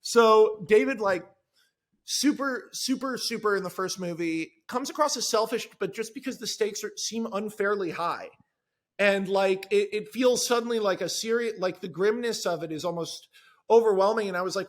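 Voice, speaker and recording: A man, a screenwriter guest on a podcast, in casual chat, telling an animated, rambling story with lots of asides. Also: sits high, moderate pace.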